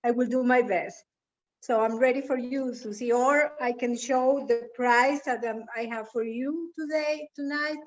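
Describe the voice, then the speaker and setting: A woman's voice: on the high side, fairly even intonation, lo-fi sound. A woman with a non-native English accent presenting her jewelry in careful, hesitant English. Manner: careful and hesitant, halting phrasing. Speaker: guest jewelry artist. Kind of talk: product presentation.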